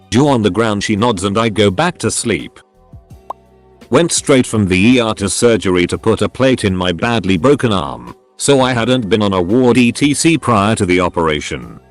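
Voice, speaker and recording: A man with a fairly low voice narrates online stories in a scripted read. His delivery swings lively up and down, landing dry punchlines, while soft music plays faintly behind him.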